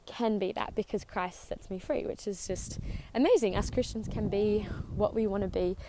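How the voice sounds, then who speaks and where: A woman's voice: mid-range voice, moderate pace, background noise. A young woman hosting a casual faith podcast. She rambles chattily with lots of fillers and sounds out of breath from walking outdoors on her driveway. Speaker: podcast host.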